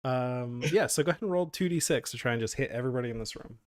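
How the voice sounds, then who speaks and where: A man runs a tabletop game in an easygoing way, often laughing and restarting his sentences. His voice sits at a middle pitch, and the sound is close and dry with little room in it. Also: quick pace, no room sound. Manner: casual, laughing, lots of fillers and restarts. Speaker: game master.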